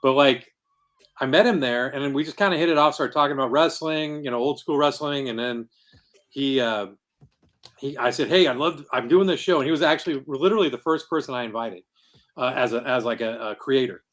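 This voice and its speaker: A man on a casual podcast interview recounts, earnestly and ramblingly, how he founded a comic convention. He talks fairly quickly at a medium pitch with a fairly bright tone.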